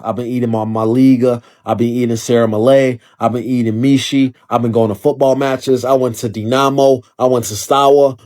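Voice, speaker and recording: A man vlogging on his travels, rambling and sarcastic, then animated. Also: medium pitch. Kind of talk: sarcastic vlog rant.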